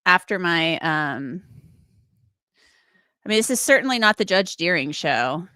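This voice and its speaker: A woman's voice: on the low side, animated, measured pace, sharp tone, no room sound, studio quality. A woman giving casual, rambling commentary on a trial, with lots of fillers. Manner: rambling, filler-heavy, chatty. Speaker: legal commentator.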